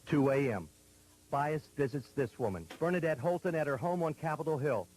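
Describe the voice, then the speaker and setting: A man narrating a television news report in a measured, grave, scripted delivery. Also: fairly high pitch, expressive, noisy background.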